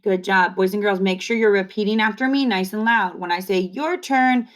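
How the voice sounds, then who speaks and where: A woman teaching kindergarten phonics on video, drilling sounds slowly and cheering the children on. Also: mid-range voice. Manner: slow, encouraging call-and-repeat drilling. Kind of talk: online phonics lesson. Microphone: camera facing the speaker.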